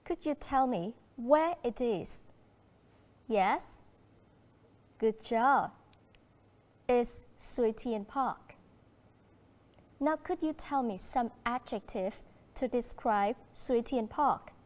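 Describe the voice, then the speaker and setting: A woman with a Vietnamese accent teaching a primary school English lesson, slow and encouraging, switching between English and Vietnamese. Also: fairly high pitch, lively intonation, darkish tone. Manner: slow, encouraging classroom delivery.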